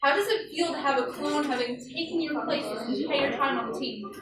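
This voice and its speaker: A woman's voice: high voice, brisk. A woman cosplayer chatting and giggling on a convention panel, running trivia and questions for the crowd. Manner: giggly, chatty, hedging with fillers. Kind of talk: casual convention panel chat. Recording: echoey hall, far from mic, noisy.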